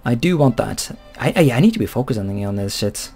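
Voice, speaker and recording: A man's voice: medium pitch, expressive, brisk, vocal fry, darkish tone, breathy edge, faint music behind. A man giving casual, rambling commentary over a strategy game, chuckling and swearing offhandedly. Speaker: let's play host.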